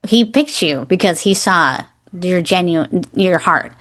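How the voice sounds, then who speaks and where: A woman's voice: lowish voice, lively intonation, measured pace. A woman in her forties co-hosting a podcast, chatting casually and enthusiastically about a film, acting out lines as she goes. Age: 40s. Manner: enthusiastic, acts out quoted lines. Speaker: podcast co-host. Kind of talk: casual chat.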